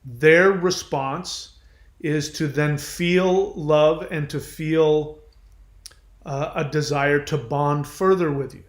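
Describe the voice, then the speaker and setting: A man's voice: fairly high pitch, fairly even intonation, slow. Man, host, conversational advice talk, stretches key words, roomy sound. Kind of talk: advice monologue. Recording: echoey room.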